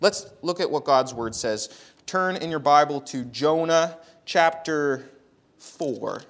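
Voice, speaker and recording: A man in his thirties preaching a sermon, telling stories with big swings between loud and quiet, often repeating words as he restarts. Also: a little high, slow pace. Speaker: pastor. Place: church.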